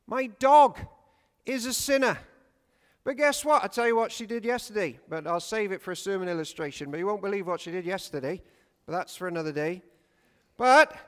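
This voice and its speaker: A man preaching a sermon, lively and humorous, often putting questions to his congregation. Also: very high voice, big-room sound. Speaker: pastor. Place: church.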